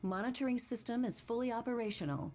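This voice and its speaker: A woman's voice: a little high, fast, dark tone, distant mic, soft background music, lightly acted. A woman voicing a female lab technician with a detached, clipped delivery.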